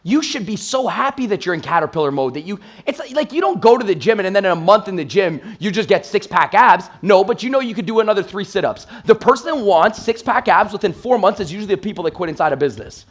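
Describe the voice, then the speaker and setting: On a stage in a live event room, a sales trainer in his thirties from Toronto, Canada, gives an intense motivational talk. His high, expressive voice moves quickly with hardly any pauses as he tells hype-driven stories and acts out quotes.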